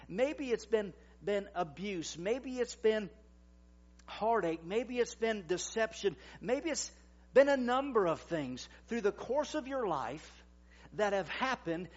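A man in his forties, a pastor preaching a sermon in a conversational way, swinging between loud emphasis and quiet asides. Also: high-pitched. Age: 40s. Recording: dull, lo-fi recording.

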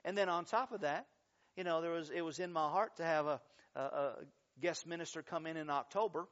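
A man preaching a sermon as pastor, telling stories with lively, dramatic changes of voice when he acts out quotes. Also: brisk, muffled recording. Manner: animated storytelling, acting out quotes with big pitch jumps.

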